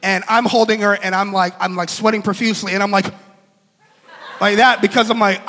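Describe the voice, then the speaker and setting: A man's voice: high-pitched, brisk, long reverb tail. A young man preaching a sermon, telling a story with lots of energy, acting out what people said and laughing often. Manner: animated, acts out quotes, laughs often. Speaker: pastor.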